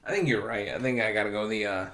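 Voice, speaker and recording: A man's voice: fairly low pitch, fast, fairly bright tone, echoey room. A man co-hosting a podcast, teasing and laid-back as he poses would-you-rather questions. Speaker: podcast co-host. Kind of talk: casual podcast banter.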